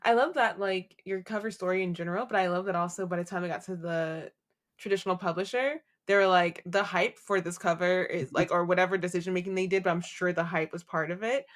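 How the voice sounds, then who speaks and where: A woman hosting a casual podcast interview, asking supportive questions in a halting way with restarts. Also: on the low side, steady tone. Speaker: podcast host.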